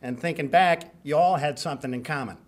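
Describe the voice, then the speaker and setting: A man's voice: fairly high pitch, brisk, background noise, close to an everyday voice. A man imitating a laconic old coach with a New England accent, dry and blunt.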